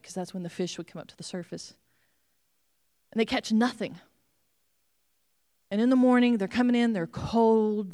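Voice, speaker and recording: A woman preaching a sermon, retelling a story with animated storytelling and acted-out voices. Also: mid-range voice.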